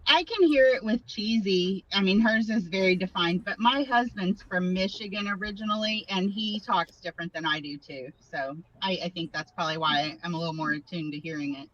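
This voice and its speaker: A woman on a chat panel, explaining things softly and thoughtfully. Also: medium pitch, fairly quick, hardly any pauses, highs cut off. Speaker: panel guest. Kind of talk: casual group chat.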